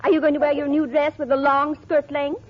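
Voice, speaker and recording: A woman's voice: high-pitched, level tone, a little fast, natural voice. A woman playing a fussy, prim older aunt in a 1940s radio comedy. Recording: muffled old radio broadcast, audience noise.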